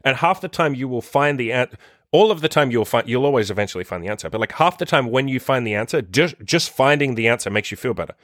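A man's voice: medium pitch, animated, fast talker, fairly bright tone, dry recording, studio quality. A young man, a self-improvement coach, giving a blunt, profane motivational talk full of rhetorical questions.

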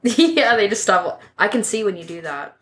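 A woman's voice: medium pitch, animated, normal speed, fairly bright tone. A woman hosting a true crime podcast, reading a case from notes in a casual way with asides and self-corrections.

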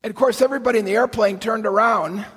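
A man preaching a sermon, telling the story with slow, deliberate emphasis in an earnest manner. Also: high-pitched, fairly bright tone, husky, big-room sound, poor audio. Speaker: priest.

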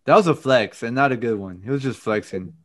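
A male podcast host with a middle-pitched voice chats loosely with friends. He swears freely and laughs often, keeping the talk easygoing. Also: expressive, a little fast. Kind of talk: casual chat.

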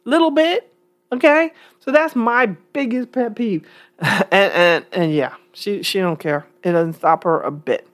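A woman's voice: medium pitch, measured pace. A woman from New York talking casually to her viewers, blunt and emphatic, with frequent chuckles. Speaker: vlogger. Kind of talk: casual talk to camera.

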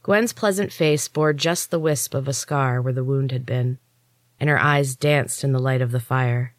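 A woman storyteller and author giving a steady, expressive first-person audiobook reading into a close mic. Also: a bass voice, normal speed, no room sound. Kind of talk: scripted audiobook narration.

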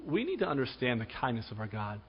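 A man preaching a sermon as pastor, dramatic, swinging from loud calls to hushed tones. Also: mid-range voice, sing-song, fast talker, husky. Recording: dull sound with long hall reverb.

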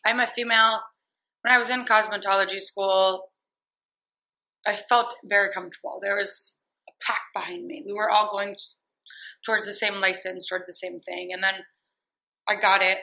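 A woman from Ohio chats as a podcast guest into a close studio mic. Her voice is bright and sharp with a gravelly, creaky edge. She talks in an animated, self-mocking way and laughs often. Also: medium pitch, normal speed, pauses often, rough recording. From Ohio, USA. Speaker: podcast guest, licensed cosmetologist working as a barber. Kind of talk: casual podcast interview. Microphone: close studio microphone.

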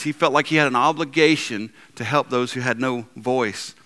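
A man preaching a sermon as pastor, animated, with frequent repeats and restarts, swinging between loud emphatic lines and low, soft ones. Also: brisk, hardly any pauses.

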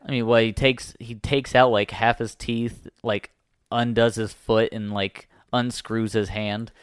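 A man's voice: on the low side, level tone, unhurried, clear, resonant tone, no echo, studio quality. A man co-hosting a podcast, chatting laid-back with joking asides while recapping a cartoon. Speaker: podcast co-host.

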